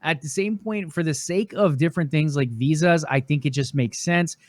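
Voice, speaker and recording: A man co-hosting a gaming podcast, running through the news in a relaxed, conversational way. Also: fairly high pitch, normal speed, dry recording. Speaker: podcast co-host. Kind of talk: casual news rundown.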